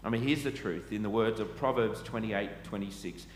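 A man's voice: on the low side, normal speed. A man preaching a sermon, earnest and asking his listeners questions. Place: church. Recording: echoey church hall, faint ambient noise.

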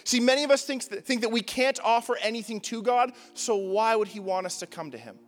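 Young guy pastor, high voice, chatty and jokey, lots of "like", echoey church hall. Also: expressive, fairly quick, soft background music. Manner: casual, joking, many "like" fillers. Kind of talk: sermon.

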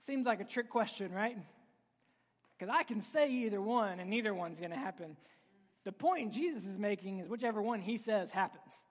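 A man's voice: high-pitched, expressive, moderate pace. Joking, emphatic male pastor in a reverberant hall. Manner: conversational and joking, with emphatic outbursts. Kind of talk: preaching a sermon to a live congregation. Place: church sanctuary with congregation. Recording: long reverb of a large hall.

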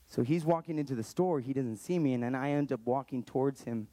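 A man in his thirties tells a personal story, earnest and halting, often circling back to restart a thought. His voice is mellow and warm. The sound is dry and close, with no room around it. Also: mid-range voice, no echo. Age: 30s. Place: Texas, around Austin.

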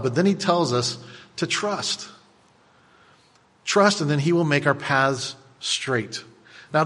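A pastor in his fifties preaching a sermon with animated delivery that builds to loud exclamations. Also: medium pitch, big-room sound. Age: 50s.

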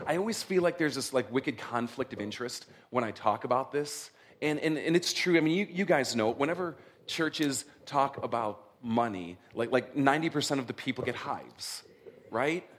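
A middle-aged male pastor preaching a sermon in an animated, conversational way, often checking in with his listeners. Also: medium pitch, normal speed. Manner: conversational, animated, frequent "right?" check-ins.

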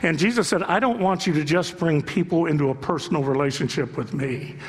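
Man preaching, high voice, joking conversational sermon, rhetorical questions, long hall reverb. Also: brisk, slightly rough. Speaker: pastor.

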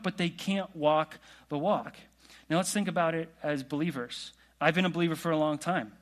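A man preaching a sermon in a relaxed, conversational way, asking the congregation questions. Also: high voice. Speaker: pastor.

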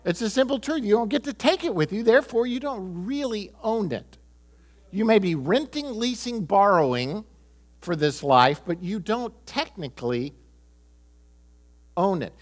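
American pastor guy preaching, kinda high voice, repeats stuff for emphasis. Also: lively intonation, measured pace. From United States. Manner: emphatic, repeats key phrases, chuckles, quotes people in voices. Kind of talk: sermon.

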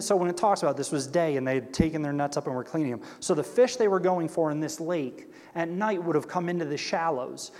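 In a room with long hall reverb, a man leads a Bible study, his voice a little high and a little mellow. He reads scripture and talks it through casually, frequently asking "right?" and changing his voice to play the characters he quotes.

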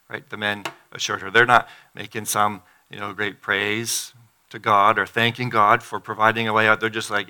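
Middle-aged guy preaching, really bright sharp voice, kinda low, chatty, acts out the quotes. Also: level tone, normal speed, clean tone. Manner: conversational, acts out quotes from the text. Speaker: pastor. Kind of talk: sermon.

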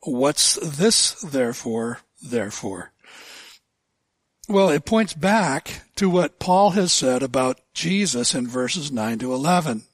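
A male pastor preaching a sermon, asking rhetorical questions with deliberate emphasis. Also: fairly high pitch, animated, dry recording.

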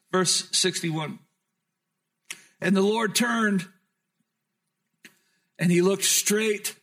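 A man with a high-pitched voice preaching a sermon. He tells the story with emphasis and sometimes drops into soft, reflective tones as he speaks to the congregation. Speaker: pastor.

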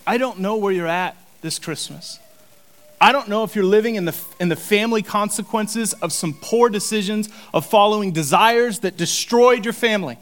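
A man preaching a sermon, animated and conversational, swinging from loud excitement to hushed near-whispers. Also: high voice, moderate pace. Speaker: pastor.

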